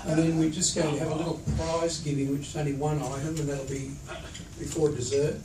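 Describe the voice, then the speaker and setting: A man's voice: a little high, little pitch movement, fairly quick. Aussie MC in his 60s running the night's program, lots of uhs, echoey hall, background noise. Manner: casual, with many uh fillers. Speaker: master of ceremonies. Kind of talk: event announcements. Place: function room at a dinner. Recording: echoey room from far off with noise.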